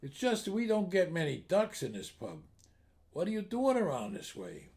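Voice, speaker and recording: A man's voice: sits high, wildly swooping pitch, normal speed, a little mellow, exaggerated voice. A man voicing a flustered, middle-aged Irish male publican who talks eagerly and sounds surprised.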